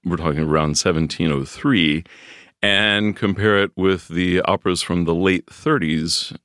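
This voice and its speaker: Low-voiced male scholar, measured. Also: steady tone, a bit bright, dry recording, studio quality. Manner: measured, academic. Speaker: music scholar guest. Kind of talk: explanatory commentary.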